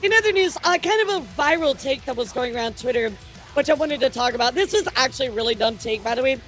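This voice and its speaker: A woman streamer chatting casually through the news with her viewers, rambling and excitable, often stammering and swearing. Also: high voice, fast, faint music behind.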